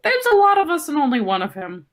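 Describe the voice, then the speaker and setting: Lively, high-voiced woman. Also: quick pace. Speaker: player. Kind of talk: casual chat.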